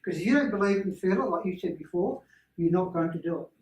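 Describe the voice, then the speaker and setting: A man presenting an energy healing workshop tells stories to a small group in a casual teaching style, animatedly acting out voices. His voice is high-pitched and quick. The sound is roomy, picked up by a distant room mic.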